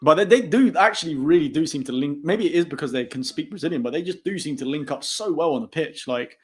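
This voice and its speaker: A young man hosting a casual post-match football chat on a live stream, talking fast and laughing often. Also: fairly high pitch, expressive, husky. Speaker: host.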